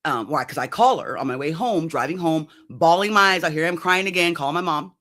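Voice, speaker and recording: A woman in her fifties, a coach, telling her own story in an interview in a lively, conversational way and often checking in with "right?". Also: low voice, brisk. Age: 50s. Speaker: executive coach guest.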